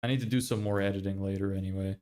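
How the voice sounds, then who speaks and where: A man's voice: low voice, steady tone, rapid-fire, dark tone. A young man chatting casually on a livestream, reading viewer messages, swearing and laughing often. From Ireland. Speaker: livestreamer and agency owner.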